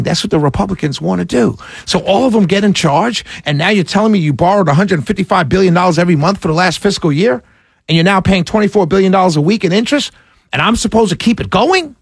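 A man's voice: a little high, expressive, fast talker, gravelly, husky, no echo. A man hosting a talk radio show, ranting passionately and raising his voice into a close studio mic. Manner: passionate, ranting, raises voice when angry.

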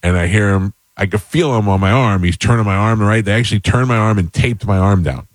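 Deep-voiced man telling a rambling story. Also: fairly quick, dry recording. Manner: rambling, animated anecdote with self-deprecating humor. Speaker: podcast host. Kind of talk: casual storytelling chat.

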